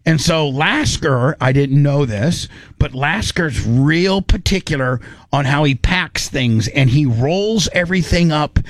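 A man's voice: a little high, measured pace, dry recording. Rambling male storyteller, dry sound. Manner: rambling, animated, lots of restarts. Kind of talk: casual storytelling.

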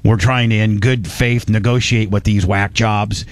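A man's voice: on the low side, steady tone, unhurried, a little hiss or hum. A man hosting a radio talk show, rambling and joking, often correcting himself mid-sentence. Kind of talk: casual talk radio with ad reads.

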